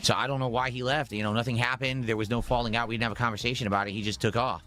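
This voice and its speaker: A man's voice: medium pitch, little pitch movement, very fast, a bit bright, faint music behind. A man streaming casually, reading donations and bluntly dismissing viewer comments. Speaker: streamer in a replayed clip.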